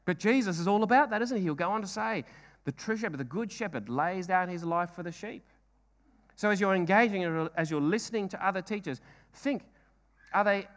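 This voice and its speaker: A man's voice: sits high, fairly bright tone. A man preaching a sermon, earnest, with frequent rhetorical questions and repeated phrases.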